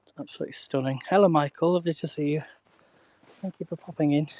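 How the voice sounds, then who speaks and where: A man's voice: fairly high pitch, fast talker, darkish tone, no echo. A man chatting casually to viewers on a live stream while walking outdoors along a canal towpath, greeting people and laughing often.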